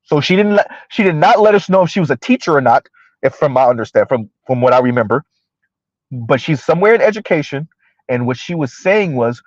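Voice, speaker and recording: A man hosting a casual livestream, talking directly to his viewers and slowing down to make his points very deliberately. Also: on the high side, lively intonation, dry recording, lo-fi sound. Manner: addresses viewers directly, slows down to stress points; refers to himself in the third person. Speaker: livestream host reading chat comments.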